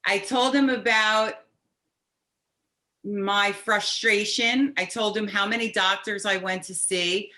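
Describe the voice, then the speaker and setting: A middle-aged woman from New Jersey tells a personal story as a patient, halting and restarting, wry and animated. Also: medium pitch. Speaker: patient telling her story.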